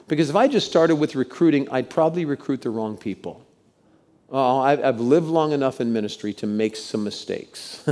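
A man's voice: mid-range voice, dark tone. A middle-aged male pastor preaching a sermon to his congregation, telling stories and leading them in call-outs. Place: church sanctuary with congregation.

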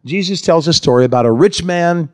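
A man preaching a sermon, animated, acting out the voices in the scripture he reads. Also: on the high side, fairly quick. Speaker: pastor.

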